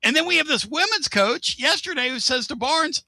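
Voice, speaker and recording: An exasperated sports talk host rants in a high, bright, sharp voice that leaps up and down. He fires sarcastic asides at his listeners. The sound is close and dry, with no room around him. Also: expressive, normal speed, few pauses, dry recording.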